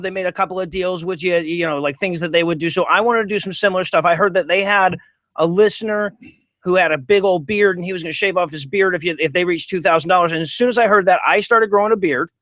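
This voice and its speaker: High-voiced deadpan joking man. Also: fast talker, no echo, muffled recording. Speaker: podcast guest. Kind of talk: comedic podcast chat.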